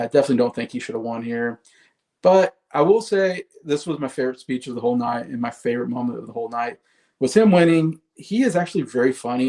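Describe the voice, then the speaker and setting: A man's voice: mid-range voice, a little mellow. A man giving a casual solo commentary on movie awards, chatty, with frequent fillers and laughs.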